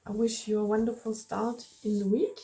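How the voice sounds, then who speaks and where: A woman's voice: medium pitch, little pitch movement, moderate pace, heavy background noise. A woman with a German accent reading oracle cards for her viewers in a vlog, gushing and affectionate, repeating herself and laughing often. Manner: laughs often while talking. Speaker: tarot and oracle card reader.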